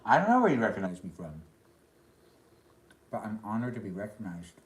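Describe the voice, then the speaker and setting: A man with a lowish, sing-song voice chats casually on a live stream while eating dinner, reading and answering chat comments between bites. He talks briskly, and the audio is reverberant.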